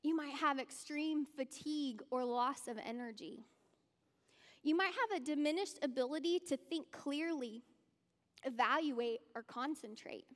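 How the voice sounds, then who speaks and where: A woman speaking in a church, giving a conversational sermon and addressing the congregation directly. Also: high voice. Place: church hall. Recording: long church-hall reverb.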